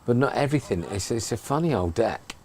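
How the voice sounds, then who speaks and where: A man's voice: medium pitch, animated, fairly quick, a little mellow, slight background noise. A man giving casual, joking live commentary on a local cricket match from the ground. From England. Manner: chatty, joking, wry asides.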